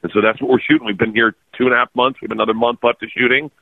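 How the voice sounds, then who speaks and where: A man's voice: mid-range voice, racing, creaky, breathy edge, no room sound. Guy rambling thru funny stories, dry close sound, tinny like a phone call. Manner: rambling, animated storyteller who acts out quotes. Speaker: comedian guest. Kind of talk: casual storytelling chat.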